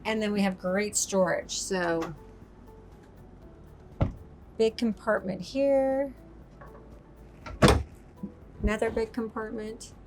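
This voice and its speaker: A woman's voice: medium pitch, fairly even intonation, takes it slowly, long pauses, over music. A woman presenting a walk-through tour inside a motorhome, upbeat and chatty like an enthusiastic salesperson. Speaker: RV sales expert giving a tour.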